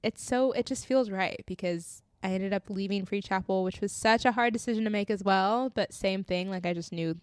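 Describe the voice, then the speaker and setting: A woman's voice: medium pitch, normal speed, few pauses, clear, resonant tone, no echo, clean studio sound. Earnest young woman sharing her faith story. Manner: earnest, heartfelt, often tearful, says "like" a lot. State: emotional, close to tears. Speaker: podcast host sharing her testimony. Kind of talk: casual faith podcast monologue.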